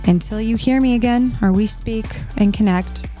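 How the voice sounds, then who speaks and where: A woman's voice: fairly high pitch, moderate pace, warm tone, soft background music. A woman in her thirties hosting a coaching podcast, speaking earnestly and soothingly straight to her listeners. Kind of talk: heartfelt podcast chat.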